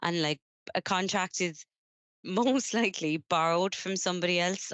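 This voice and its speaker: A woman's voice: on the low side, a little slow, fairly bright tone, smooth, no room sound. A woman hosting a podcast and giving practical business advice in a casual way, with fillers and repeated words.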